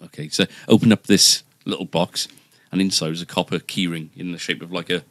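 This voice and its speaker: A man's voice: low voice, little pitch movement, brisk, no room sound. A man telling a rambling, self-deprecating story in a casual chat, with many restarts. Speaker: guitar shop staff member.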